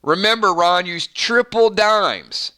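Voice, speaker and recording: Hyper rambling game host from the south, bright voice, kinda high. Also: male voice. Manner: hyper, rambling, quick asides. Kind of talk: live game stream commentary.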